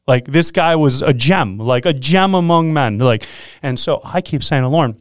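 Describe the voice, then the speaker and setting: A man hosting a real estate radio show, talking in an energetic, animated way and laughing easily. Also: fairly high pitch, brisk, clean tone, no room sound, clean studio sound. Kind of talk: excited casual radio talk.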